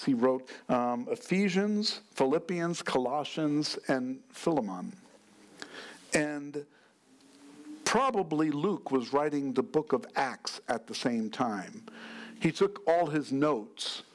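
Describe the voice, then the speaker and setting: A man preaching a sermon as pastor, in an earnest, unhurried delivery. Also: medium pitch.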